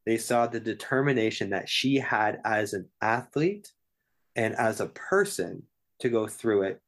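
A man's voice: on the low side, expressive, a little slow. A man co-hosting a podcast, talking in an earnest, openly emotional way. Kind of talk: casual podcast chat.

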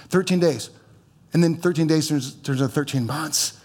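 A man's voice: fairly high pitch, brisk, darkish tone. A man preaching as a pastor in a church, conversational, with stammering restarts and teasing humor. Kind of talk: sermon.

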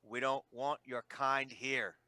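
A man doing a gruff, threatening town thug. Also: medium pitch, steady tone, takes it slowly, bright, forceful tone, no room sound. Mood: menacing. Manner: blunt and threatening.

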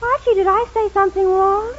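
A woman's voice: very high voice, steady tone, a little fast. A woman playing a chatty, dreamy teenage girl in a 1940s radio comedy, gushing and talking over others. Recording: dull old radio broadcast with faint hiss.

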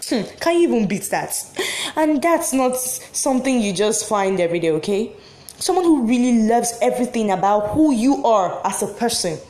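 A woman's voice: on the high side, a little mellow. A woman acting a dramatic monologue as a heartbroken wife who refuses a divorce, swinging between giddy laughter and bitter sarcasm. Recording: echoey room.

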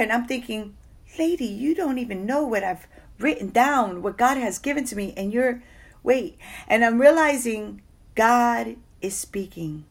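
A woman giving a personal faith testimony, telling her story expressively and acting out what people said. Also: a little high. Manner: emotional, expressive storytelling with acted-out quotes. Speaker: testimony speaker.

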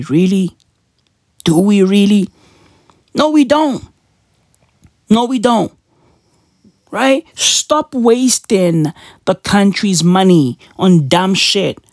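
Woman ranting slow and cussing a lot, mocking, dry close sound. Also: medium pitch, no echo. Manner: swears constantly, keeps asking "right?"; mocking and indignant. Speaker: commentator. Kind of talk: profane rant monologue.

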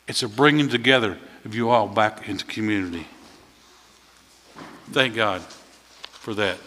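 A man preaching a sermon in a folksy storytelling way, voice swelling louder at key points. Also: medium pitch, a little hiss or hum. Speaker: visiting preacher. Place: church sanctuary. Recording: long hall reverb.

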